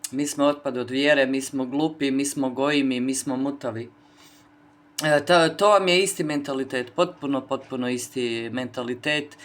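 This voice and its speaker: A man's voice: mid-range voice, fairly even intonation, moderate pace, fairly bright tone. A man delivering indignant, scornful commentary on a clip.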